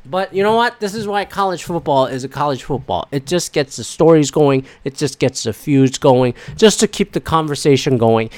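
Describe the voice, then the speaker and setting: A man co-hosting a podcast, ranting in a casual, heated way, swearing often and rambling as he talks. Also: medium pitch. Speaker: podcast co-host. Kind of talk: casual sports rant.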